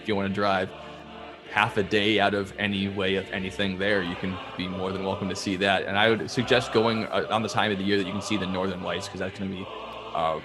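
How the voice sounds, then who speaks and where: A man's voice: sits low, flat delivery, a little fast. A man co-hosting a podcast, chatting casually in a loose, profane, joking way and laughing often. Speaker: podcast co-host.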